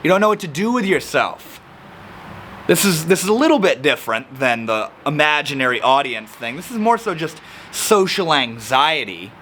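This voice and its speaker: A man's voice: fairly high pitch, moderate pace, slight background noise. A young man talking casually to camera, explaining social anxiety and acting out the people he quotes. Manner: animated, acts out quoted people. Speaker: self-help video host.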